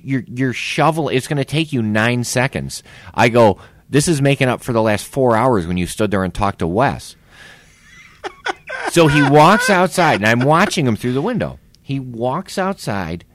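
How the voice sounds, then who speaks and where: On a dry recording, a mid-range male voice belongs to a podcast co-host in his forties who shares a workplace tale in casual conversation. He's animated, swears, and acts out what others said.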